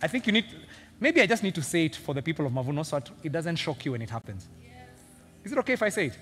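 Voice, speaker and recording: Animated Kenyan pastor in a reverberant hall. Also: male voice, on the high side, fast talker, husky, faint music behind. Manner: animated and humorous, acting out characters, laughing often. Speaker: senior pastor. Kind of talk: sermon.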